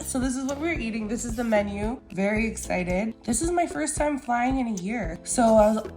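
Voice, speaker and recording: A woman's voice: fairly high pitch, lively intonation, a little fast. Casting: chatty young woman vlogger, bubbly yet tired voice, faint music under. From Canada. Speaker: beauty vlogger. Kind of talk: casual travel vlog.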